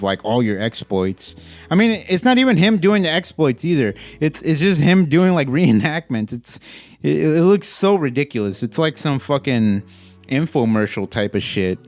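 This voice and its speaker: A man giving a casual, rambling, profane movie review, getting animated as he rants. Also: mid-range voice.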